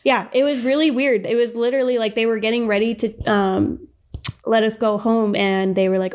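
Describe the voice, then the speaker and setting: A woman's voice: a little high, fairly even intonation, fairly quick, a little mellow. Chatty young woman telling a story. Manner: chatty, laughs often, many "like" fillers. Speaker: podcast guest. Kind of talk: casual birth story telling.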